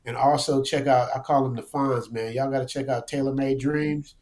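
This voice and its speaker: A man talking as a guest in a casual interview, animated and slangy, often repeating words as he goes. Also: mid-range voice, moderate pace. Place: lives abroad, remote interview.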